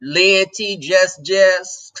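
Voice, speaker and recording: A man hosting a livestream and chatting casually with his viewers, loose and joking. His voice is slightly high, bright and husky, with a gravelly edge. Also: measured pace. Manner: loose and joking, talks straight to the chat. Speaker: livestream host. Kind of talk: casual chat with live viewers.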